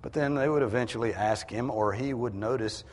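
A man preaching a sermon, emphatic, rising in pitch and force to drive his points home. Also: a little fast, long reverb tail.

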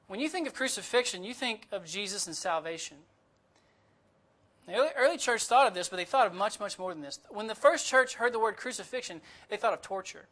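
A man with a high, bright voice delivers a sermon as a visiting preacher. He keeps it conversational, with light asides to the congregation, and sticks closely to his notes. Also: expressive, a little fast. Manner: conversational, with humorous asides and disclaimers. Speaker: guest preacher.

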